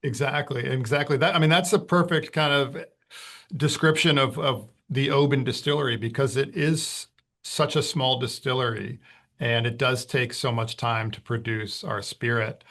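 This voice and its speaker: Gravelly-voiced whisky brand ambassador. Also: male voice, mid-range voice, moderate pace. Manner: relaxed, explanatory, many fillers. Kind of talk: conversational podcast interview.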